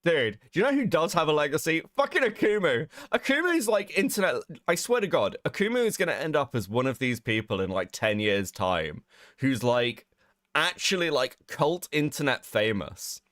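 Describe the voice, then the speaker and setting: A man's voice: a little high, moderate pace, no echo, studio quality. A young man co-hosting a stream, reacting casually with frequent laughs and swearing. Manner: animated, laughs often, swears freely. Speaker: streamer co-host.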